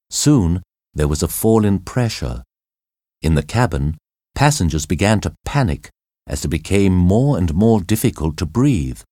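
A man narrating an audiobook story in a dramatic, expressive reading. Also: sits low, no echo, clean studio sound.

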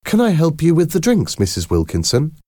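A man playing a polite, eager young girl with a high, light voice. The recording is dry and close. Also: wildly swooping pitch, brisk, a little mellow, dry recording.

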